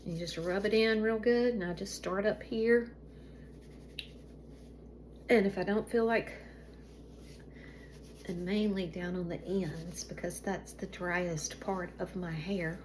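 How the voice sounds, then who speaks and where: Slow, steady, and often pausing, this medium-pitched woman's voice has a darkish tone and a slight hiss or hum. She's a middle-aged vlogger from Alabama with a Southern accent, rambling casually to viewers and easily sidetracked.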